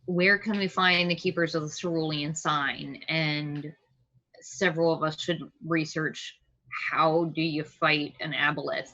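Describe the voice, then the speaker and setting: A woman playing a tabletop game over a call, talking casually and pausing often to search for words. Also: low-pitched, pushed and bright, muffled recording. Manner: hesitant, searching for words with many ums. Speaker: player.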